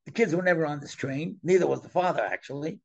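Middle-aged guy telling a story, gravelly and a bit husky, lively with soft drops. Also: a little high, fast. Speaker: storyteller guest. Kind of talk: conversational storytelling.

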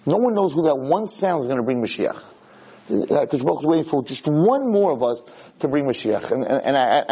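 Middle-aged man, husky voice, slightly high pitch, animated storytelling, rapid repeats and restarts. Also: rough recording. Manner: animated storyteller, voice leaps high when acting out shouts and quotes; quick, repeats words and restarts. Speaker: rabbi lecturer. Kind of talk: Torah class to a live room.

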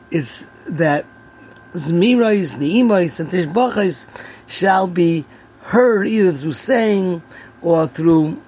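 A man hosting a daily prayer lesson, explaining terms in a relaxed teaching manner. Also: on the high side, breathy edge. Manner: explanatory, sprinkled with Hebrew and Yiddish terms. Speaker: host.

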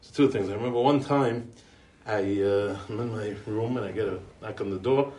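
A man's voice: on the low side, normal speed, a little mellow. An American man giving a eulogy as a chatty string of anecdotes, in English full of Yiddish and Hebrew yeshiva terms. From United States. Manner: chatty, rambling, with restarts and chuckles. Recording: roomy, distant mic.

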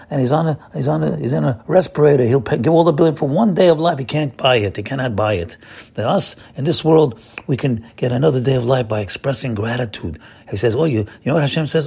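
A man's voice: fairly high pitch, creaky, dark tone, husky. A man giving a casual, folksy Torah talk, repeating phrases and calling listeners his friends. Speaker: religious teacher.

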